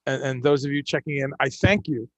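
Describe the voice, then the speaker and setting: Gravelly chatty male stream host. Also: mid-range voice, fairly quick, no room sound, muffled recording. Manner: animated, chatty, many restarts. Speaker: podcast host. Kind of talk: casual interview chat.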